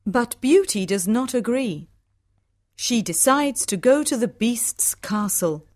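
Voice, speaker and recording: Slow measured woman narrating a storybook. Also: a little high, animated, no echo, studio quality.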